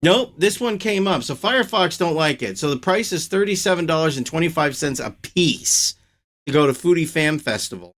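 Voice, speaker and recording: A man's voice: on the high side, moderate pace. A man hosting his own show, chatting casually and reacting with strong opinions and rants. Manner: animated, opinionated, ranting. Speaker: host.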